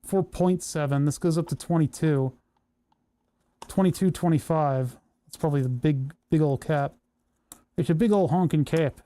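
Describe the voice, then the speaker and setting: A man with a fairly high, mellow voice talks at a normal speed while streaming his electronics build. It's casual workbench chat, and he mutters to himself as he works, dealing with hand cramps.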